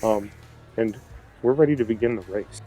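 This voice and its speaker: A man narrating a tabletop role-playing game as game master, in a relaxed, rambling way full of fillers. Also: fairly low pitch, normal speed, faint music behind, poor audio. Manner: relaxed, filler-heavy storytelling.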